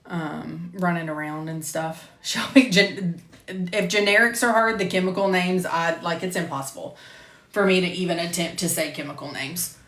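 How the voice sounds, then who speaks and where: A woman instructor reading lecture material on drugs at a measured pace, stopping to correct herself and chat. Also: lowish voice, roomy sound. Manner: measured, careful reading of drug terms, self-correcting. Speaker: medical coding instructor. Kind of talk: recording lecture narration, with casual asides. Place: home room with door closed.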